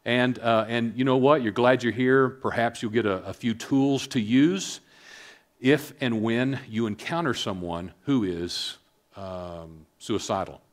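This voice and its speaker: A middle-aged man giving a filmed public talk, speaking earnestly and haltingly with many fillers, calm and reflective. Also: medium pitch. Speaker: speaker on suicide prevention.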